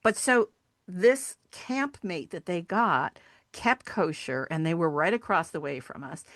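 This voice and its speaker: A middle-aged woman, a podcast guest, telling personal stories in an earnest, animated way. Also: on the low side, unhurried, no echo, clean studio sound. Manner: earnest, animated storyteller acting out quoted voices. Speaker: podcast guest, sculptor and hiking group founder. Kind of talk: conversational storytelling interview.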